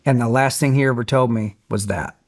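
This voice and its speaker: A man's voice: mid-range voice, a little fast. A middle-aged man, telling earnest stories as a guest in a podcast interview. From Tennessee, USA. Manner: earnest storyteller, acts out quotes. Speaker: guest, country singer.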